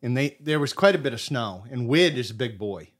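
Guy from maine telling an animated deer hunting story, average pitch. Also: fairly quick. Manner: animated storyteller, swings loud and soft. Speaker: podcast guest. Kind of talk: casual storytelling.

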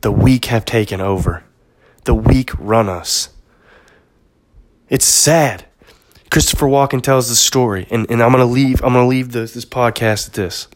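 A man's voice: medium pitch, moderate pace. Impassioned man ranting on a podcast. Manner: impassioned, profane, drops to a hush for storytelling. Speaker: podcast host. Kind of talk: monologue rant.

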